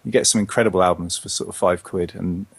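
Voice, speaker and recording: Husky low-voiced man. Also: steady tone, quick pace, dry recording. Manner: hesitant, trailing off mid-sentence. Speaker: musician guest. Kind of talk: casual interview chat.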